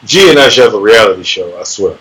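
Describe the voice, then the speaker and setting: This voice is on the low side, animated and fast, a bit bright and slightly rough, captured in low quality. The man boasts about a sparring session in casual conversation, swearing, laughing, and mimicking the punches with sound effects.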